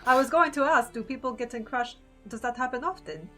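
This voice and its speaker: A woman's voice: high voice, fairly quick, loud music behind the voice. A woman player role-playing in a tabletop game, hesitant and polite, often restarting her sentences. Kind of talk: in-character tabletop role-play.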